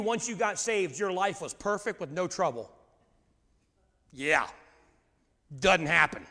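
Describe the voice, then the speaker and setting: A middle-aged preacher with a drawl, his voice pitched high for a man. He tells stories with animated swings between loud bursts and hushed confession. His words ring out with a long reverb from a large hall. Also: slow. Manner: animated storytelling, swings from shouting to quiet. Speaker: pastor. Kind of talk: sermon with personal stories.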